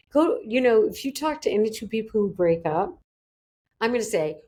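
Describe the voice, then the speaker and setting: A woman's voice: big pitch swings, normal speed, warm tone. A woman guest on a podcast, talking emphatically and acting out conversations with big swings in her voice. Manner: emphatic, acts out quotes with big pitch swings. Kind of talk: casual interview chat.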